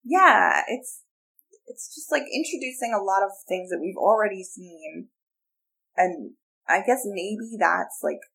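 A woman co-hosting a casual book-discussion podcast, animated and exasperated, laughing often. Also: mid-range voice, measured pace, vocal fry. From New York. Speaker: podcast co-host.

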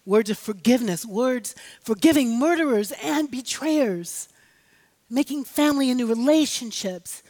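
A woman's voice: on the high side, darkish tone. A middle-aged woman pastor preaching a sermon, telling personal stories with humor and speaking directly to her congregation.

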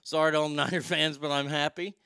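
A man's voice: on the high side, level tone, fairly quick, sharp tone, clear, resonant tone, dry recording, studio quality. A man hosting a casual live chat, reading viewer comments aloud and swearing freely. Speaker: talk show host reading chat.

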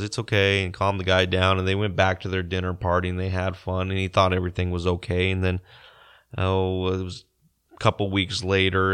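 A young man with a very deep voice tells a story to his listeners in a casual, halting way. He fills his speech with ums and repeats himself as he goes. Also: a bit bright, smooth. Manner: halting, many fillers and restarts. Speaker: podcaster.

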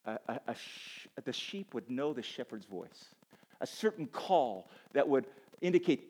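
A man giving a conversational, animated sermon to a college audience, using casual asides and self-deprecating humor. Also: mid-range voice, measured pace, husky. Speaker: campus chapel speaker. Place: college auditorium with a live audience.

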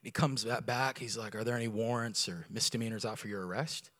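Animated, bright-voiced male preacher. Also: on the low side, fast talker. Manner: animated storyteller, rising to loud preaching. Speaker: guest pastor. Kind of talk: sermon with storytelling. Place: church sanctuary.

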